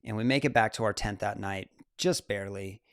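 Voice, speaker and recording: A man in his forties, a mountain climber and photographer, telling stories as an interview guest. His delivery is animated, with laughter and quick asides. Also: fairly low pitch, dry recording, clean studio sound. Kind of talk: casual interview storytelling.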